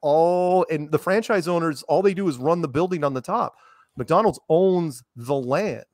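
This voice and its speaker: A middle-aged man with a low, soothing voice, hosting a casual interview and rambling through stories with animated quoted voices. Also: normal speed, dry recording, clean studio sound. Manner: rambling storyteller, animated quoting. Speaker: show host.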